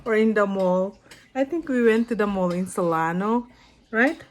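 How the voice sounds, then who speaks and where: A woman's voice: medium pitch, normal speed, slight background noise. A woman from the Philippines with a Filipino accent, vlogging at home in a giggly, emotional way. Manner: giggly, laughs often, emotional. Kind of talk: casual home vlog.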